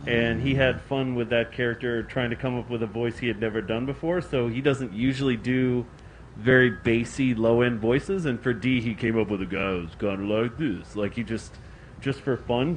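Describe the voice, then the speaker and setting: A man's voice: medium pitch, fairly even intonation, normal speed, a little hiss or hum, poor audio. A man on a convention panel, explaining a show's history in a dry, plain way. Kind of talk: casual panel answers.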